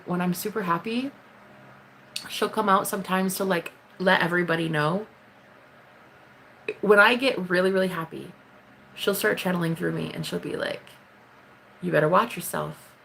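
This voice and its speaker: Gravelly-voiced woman chatting on a live stream. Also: slight background noise. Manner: chatty and blunt, swears freely; greets viewers in high excited bursts. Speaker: livestreamer. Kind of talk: casual live-stream chat with viewers.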